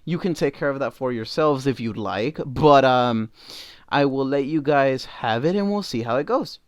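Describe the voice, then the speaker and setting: A man talks through a reaction video in casual commentary. His voice is smooth and clean, and the sound is dry and close. He is blunt and swears often. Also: mid-range voice, expressive, moderate pace, dry recording. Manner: blunt and profane, with many fillers.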